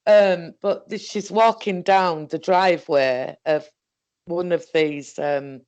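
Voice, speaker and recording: A woman with a Northern English accent telling a personal story in a halting, rambling way, correcting herself and restarting as she goes. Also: lowish voice, darkish tone. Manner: halting, self-correcting, full of fillers and restarts. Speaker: guest recounting a paranormal experience.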